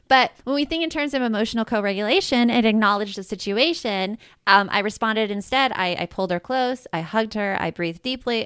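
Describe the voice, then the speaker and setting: A woman's voice: medium pitch, fairly quick, clean tone, dry recording, studio quality. A woman in her thirties co-hosting a parenting podcast, chatting casually and telling stories from home. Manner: chatty, storytelling, soft when describing soothing. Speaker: podcast co-host.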